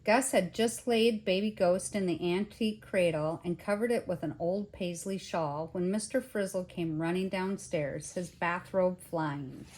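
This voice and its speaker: An older woman, a grandmother, reading a children's picture book aloud in an expressive way. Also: lowish voice, a little slow, hardly any pauses. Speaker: storyteller.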